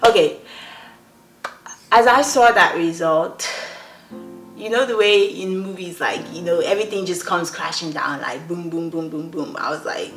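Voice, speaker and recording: A woman's voice: lowish voice, unhurried, gravelly, fairly bright tone, soft background music. A young woman from Nigeria, earnestly telling a personal story to her viewers and often checking in with them. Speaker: vlogger. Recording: roomy echo.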